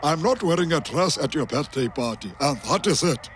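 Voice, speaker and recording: A man's voice: fairly high pitch, lively intonation, normal speed, a little hiss or hum, close to an everyday voice. A man impersonating a very old statesman who is dry, grumbling and unimpressed with his friend.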